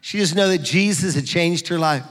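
A middle-aged man preaching a fervent sermon in a church, building to shouts. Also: fairly high pitch, normal speed, soft background music. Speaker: pastor. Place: church sanctuary. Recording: long reverb of a large hall.

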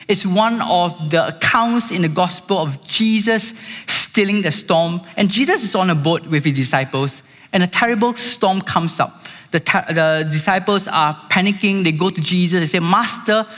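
A pastor delivers a sermon in a high, light voice. His words ring out with long reverb in a large hall, and he keeps checking in with the congregation as he preaches. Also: fairly bright tone. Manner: preaching with call-outs to the congregation.

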